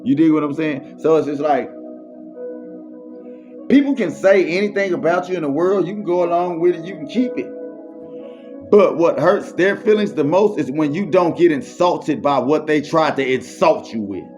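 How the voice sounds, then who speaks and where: Man, fairly high voice, slangy repetitive preacher style, muffled lo-fi sound with soft music behind. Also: normal speed. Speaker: motivational speaker. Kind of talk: faith-based motivational monologue. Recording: muffled lo-fi recording.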